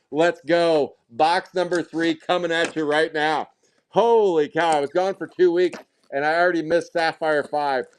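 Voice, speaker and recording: Hyped, breathless card-break host, man. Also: a little high. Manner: hyped, rapid, joking with chat. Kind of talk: live-streamed card break commentary.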